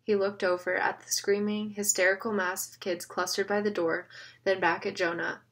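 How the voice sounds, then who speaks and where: A woman reading an audiobook aloud, with steady, measured storytelling. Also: medium pitch. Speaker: audiobook narrator. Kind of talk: scripted narration.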